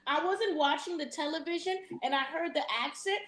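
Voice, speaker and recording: A woman with a high voice lays out her argument patiently in a casual podcast chat. Her voice carries a noticeable room echo. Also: a bit bright. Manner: explains at length, deliberate. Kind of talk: casual chat recapping a reality show. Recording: roomy echo.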